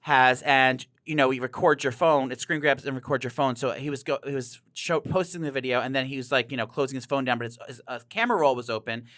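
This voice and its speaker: A man's voice: mid-range voice, fast talker, hardly any pauses, fairly bright tone, no echo. Campy, gossipy man guest, dry sound. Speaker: podcast guest. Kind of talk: casual chat.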